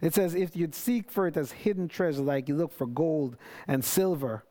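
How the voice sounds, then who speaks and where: A man preaching a sermon in an earnest, conversational way, with many restarts and lively quoted prayers. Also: a little high, normal speed.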